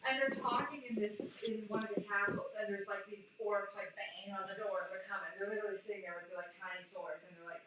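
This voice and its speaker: A woman's voice: mid-range voice, fairly even intonation, fast. A woman co-hosting a casual faith discussion, telling a story in a rambling way with lots of fillers. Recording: echoey room, distant mic, faint noise.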